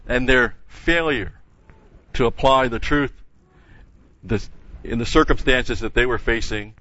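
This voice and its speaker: A man's voice: mid-range voice, fairly bright tone, no echo, muffled recording. An older man teaching a Bible passage verse by verse in a conversational way, stopping to correct himself and leaning hard on key words.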